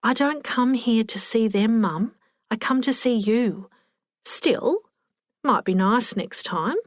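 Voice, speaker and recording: A woman's voice: fairly high pitch, slow, no room sound, studio quality. A woman doing a polite, awkward daughter. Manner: brief, polite replies.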